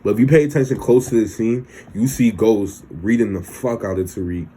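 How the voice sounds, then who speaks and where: A man's voice: fairly low pitch, a little fast, dark tone, slight background noise. A young man recapping a TV episode in loose, slangy, profane casual chat. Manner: loose, slangy and profane, acts out characters' lines. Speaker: TV recap vlogger.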